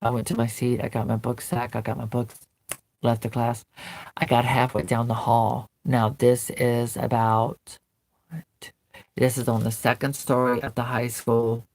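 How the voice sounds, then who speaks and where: A woman's voice: extremely low pitch, flat delivery, a little slow, a little mellow, no echo. A woman vlogger earnestly recounting a painful memory, telling it in vivid present tense. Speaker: doll collector vlogger. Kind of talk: personal storytelling to camera.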